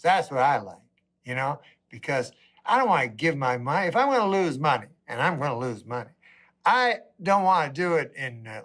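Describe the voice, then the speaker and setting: A man telling a rambling comic monologue as a talk-show guest, deadpan and drawling, full of "you know" asides. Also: on the high side.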